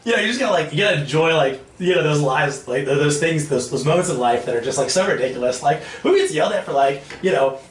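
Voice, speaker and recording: A man chatting casually, telling animated stories and laughing as he goes. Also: fairly high pitch, quick pace, few pauses. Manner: animated, laughs through stories, acts out voices. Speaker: podcast guest. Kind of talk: casual storytelling chat. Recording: echoey room, mic at a distance, faint noise.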